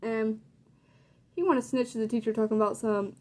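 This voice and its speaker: A teenage girl rants through a casual storytime, her voice sitting a little high. She talks with sass and animation, filling her sentences with "like" as she reacts to everything. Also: a little fast, a little hiss or hum. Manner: sassy, animated, heavy use of "like". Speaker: vlogger.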